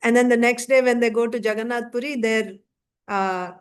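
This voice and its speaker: A woman teaching a scripture class, retelling a story in a conversational way with frequent fillers and lively quoted asides. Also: on the high side, normal speed, clean tone.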